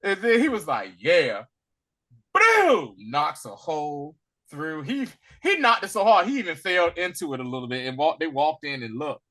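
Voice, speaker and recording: A man's voice: fairly high pitch, moderate pace. A man co-hosting a casual recap over a video call, retelling scenes energetically in slang and acting out the characters. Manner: animated storyteller, acts out characters, slangy. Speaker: podcast co-host.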